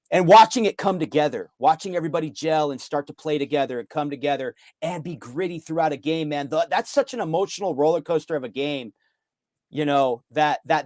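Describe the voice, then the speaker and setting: A man with a fairly high voice talks through a casual sports show, rambling and circling back with fillers. The sound is dry and close, with no room around it. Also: a little mellow, dry recording. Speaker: co-host. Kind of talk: casual sports podcast chat.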